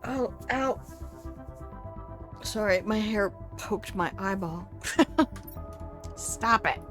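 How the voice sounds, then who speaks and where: A woman's voice: medium pitch, extremely slow, a bit bright, faint music behind. An older woman chatting casually as she streams a video game. She talks back to the game and swears offhandedly. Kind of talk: casual live-stream gameplay commentary.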